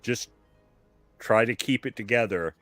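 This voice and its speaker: A man playing a tabletop game, giving steady in-character instructions to his party. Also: mid-range voice, unhurried, soft background music. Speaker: player.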